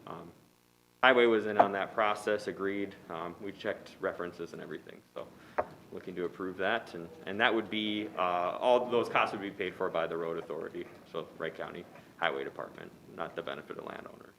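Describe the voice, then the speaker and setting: A man's voice: sits low, brisk, a bit bright, a little hiss or hum, poor audio. A man presenting a resolution at a county board meeting, hesitant with many fillers. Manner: hesitant, many ums and restarts.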